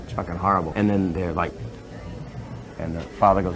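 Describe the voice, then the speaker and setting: A man's voice: deep voice, steady tone, a little fast, background noise. A male comedian telling a crude joke in rambling stand-up style, laughing through it and breaking off to restart.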